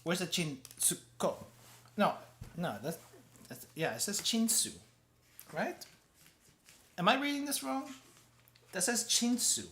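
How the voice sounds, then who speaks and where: A man's voice: on the high side, fairly bright tone, a little hiss or hum. Rambling man chewing snacks. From United States. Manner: rambling and self-correcting, often restarts phrases; talks while chewing. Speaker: VTuber streamer. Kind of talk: casual snack-tasting chat.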